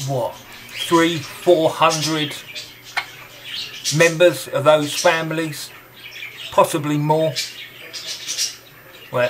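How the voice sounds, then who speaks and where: A man speaking in a slightly high voice, slow and deliberate, in a confrontational, scornful monologue. Loud background noise runs throughout, with birds chirping behind him. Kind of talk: angry monologue to camera.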